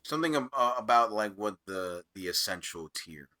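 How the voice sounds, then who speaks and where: A man's voice: on the low side, animated, normal speed, a crowd in the background. A man co-hosting a casual podcast, bantering in slang. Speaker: podcast co-host. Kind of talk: casual gaming podcast chat.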